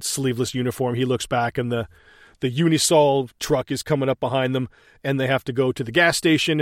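A man's voice: mid-range voice, dry recording. A man walks through a movie scene by scene in a loose, joking commentary. He swears freely and keeps laughing at the plot. His voice sits close and dry, with no room around it. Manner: profane, animated, laughing storyteller. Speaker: podcast co-host reviewing a movie.

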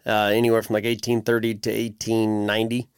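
A man's voice: lowish voice, monotone, a little fast, smooth, no room sound, studio quality. A man co-hosting a podcast in casual chat, wry and laid-back, often trailing off. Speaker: podcast co-host.

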